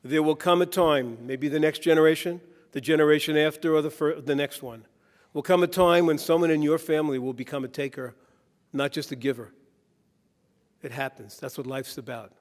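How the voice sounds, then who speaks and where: A man's voice: fairly high pitch, steady tone, brisk. Man giving a keynote in a reverberant hall. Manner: anecdotal, tells jokes with a preacher's cadence. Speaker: keynote speaker. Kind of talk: conference keynote speech. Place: conference hall. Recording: long reverb in a conference hall.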